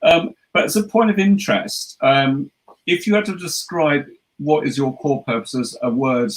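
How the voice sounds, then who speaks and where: A man's voice: a little high, moderate pace, poor audio. Polite, hesitant male interviewer. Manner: polite and hesitant, with fillers and apologies. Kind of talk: interview questions.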